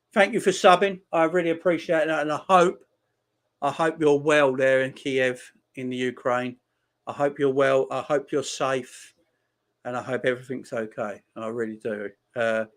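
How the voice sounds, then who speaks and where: A man hosts a live football watchalong, talking loosely to his viewers and reading their messages aloud. He rambles and repeats his shout-outs, with a voice of ordinary middle pitch. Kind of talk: casual live-stream chat.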